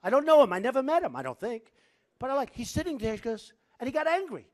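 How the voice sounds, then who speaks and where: Male candidate at a rally; boastful, repetitive, off-the-cuff delivery, lively up-and-down pitch. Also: quick pace. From United States. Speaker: political candidate speaking at a rally. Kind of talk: campaign rally speech. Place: large indoor rally venue.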